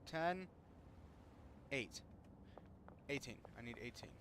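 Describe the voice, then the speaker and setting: A man's voice: mid-range voice, animated, slow pace, noisy background. A young man giving casual gameplay commentary as a streamer, rambling and often cutting himself off mid-sentence. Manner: rambling, self-interrupting, trails off. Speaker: gaming streamer.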